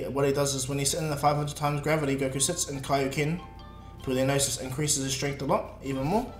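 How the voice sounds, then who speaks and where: A man's voice: a little high, reverberant. A man casually narrating a fan-made story in a rambling way, with many fillers and restarts.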